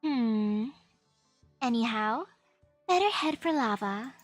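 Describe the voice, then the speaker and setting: High-voiced playful woman streamer. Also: slow pace, no room sound, faint music behind. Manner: playful, animated, switches voices for characters. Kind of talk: reading game dialogue aloud with commentary.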